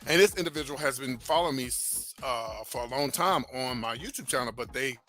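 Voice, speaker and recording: A man's voice: mid-range voice, a little fast, pushed and bright, faint music behind. A man hosting an entertainment gossip show, chatting casually and animatedly with viewers, calling them baby and child. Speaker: host of a celebrity gossip channel.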